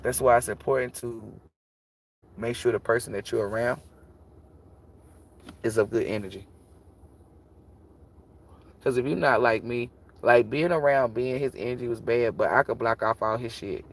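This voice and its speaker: A man's voice: mid-range voice, moderate pace, pauses often, slight background noise. Blunt, profane man preaching on a livestream. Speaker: tarot reader. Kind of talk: casual livestream talk.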